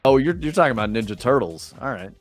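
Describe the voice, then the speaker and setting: A man's voice: medium pitch, sing-song, quick pace. A young American man telling rambling, profane stories on a livestream, with lots of likes and fillers. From United States. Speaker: streamer. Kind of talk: casual storytelling on a livestream. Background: faint music.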